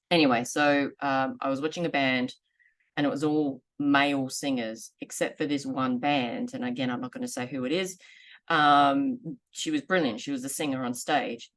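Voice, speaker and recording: A woman in her forties telling a personal story in a candid, earnest, measured way. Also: extremely low pitch. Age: 40s. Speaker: vlogger sharing lived experience.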